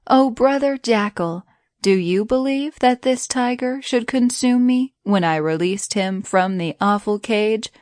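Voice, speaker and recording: A woman's voice: on the high side, a little slow, darkish tone, no room sound, studio quality, pitched above the performer's own voice, close to an everyday voice. A woman voicing a frightened man who pleads in a raised, anxious voice. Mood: urgent.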